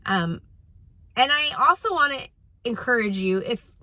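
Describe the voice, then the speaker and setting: Bright, emphatic middle-aged woman coach. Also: a little high, expressive, measured pace, no room sound. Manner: earnest and emphatic, repeats key points. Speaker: parenting coach and show host. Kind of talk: casual advice talk to camera. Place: at a youth sports practice.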